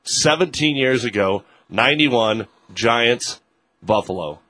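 A man hosting a sports radio show, briskly reading plugs and chatting about games. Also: mid-range voice, animated, pushed and bright, dry recording. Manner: brisk, reads promos and plugs.

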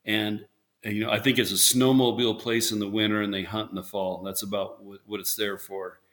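A man's voice: fairly low pitch, little pitch movement, fairly quick, fairly bright tone. A man, a former volleyball coach, chatting casually in an interview and telling rambling stories with lots of restarts. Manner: rambling storyteller, many restarts, acts out quotes.

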